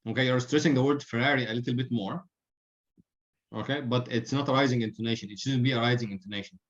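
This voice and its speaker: A man's voice: medium pitch, steady tone, fast. Patient male teacher, dull call audio. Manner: patient, explains with spoken examples. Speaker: grammar teacher. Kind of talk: online class teaching.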